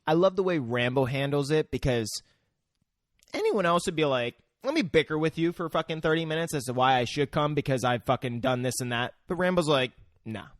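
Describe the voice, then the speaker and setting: A male podcast co-host in casual chat, swearing freely and jumping into loud impressions of movie characters. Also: on the high side, brisk, no room sound, clean studio sound.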